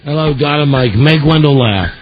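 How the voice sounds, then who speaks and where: A man hosting a call-in radio segment, taking calls quickly and cutting callers off with dry put-downs. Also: fairly high pitch, muffled recording. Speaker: radio show host.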